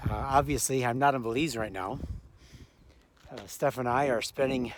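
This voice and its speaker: A man talks into a handheld camera while hiking a mountain trail outdoors, and he is slightly out of breath. His delivery is chatty and upbeat, with a motivational push. His voice sits at a middle pitch. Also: normal speed, a little hiss or hum. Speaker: vlog host.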